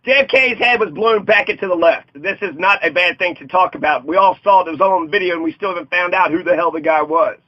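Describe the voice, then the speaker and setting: A man's voice: sits high, brisk, dry recording. Young man riffing jokes over a list. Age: young adult. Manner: joking, riffing, laughs often. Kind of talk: reading a list aloud with comic riffs. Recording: dull lo-fi dry recording.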